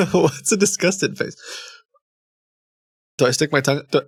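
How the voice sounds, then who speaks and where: A man's voice: fairly high pitch, takes it slowly, a bit bright, husky, dry recording. Rambling streamer man, dry close mic. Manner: rambling, self-interrupting, laughs often. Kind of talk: casual live-stream chat.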